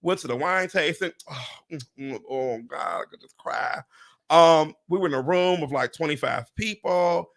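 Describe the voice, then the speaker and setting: A man hosting a livestream chat, telling a story with excitement, acting out what people said, swearing and laughing often. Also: a little high, normal speed, gravelly. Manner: animated, acts out quotes, swears, laughs often. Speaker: real estate agent and livestream host.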